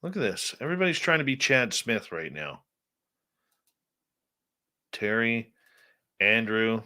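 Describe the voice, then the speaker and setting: A man's voice: fairly low pitch, big pitch swings, a little slow, pushed and bright. A man hosting a radio talk show, chatting casually and reading out the live chat, sounding tired and yawning.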